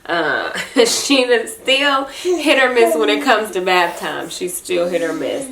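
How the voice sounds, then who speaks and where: In an echoey room, a young adult woman vlogs casually about her baby at home. Her voice is medium-pitched, slow, gravelly and a little bright, with wide pitch swings as she chats and slips into sing-song baby talk. She is a mother and a vlogger.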